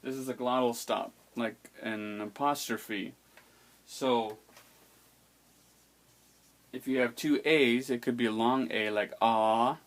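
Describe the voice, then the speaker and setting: Slow, patient man teaching pronunciation. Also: medium pitch, steady tone. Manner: slow, patient, demonstrating sounds aloud. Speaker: language teacher. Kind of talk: explaining an alphabet's pronunciation.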